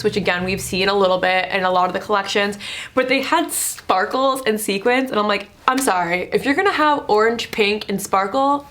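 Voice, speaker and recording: Chatty, excitable young woman vlogger. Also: medium pitch. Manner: chatty and excitable, full of "like" fillers. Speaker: fashion vlogger. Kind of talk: casual fashion commentary.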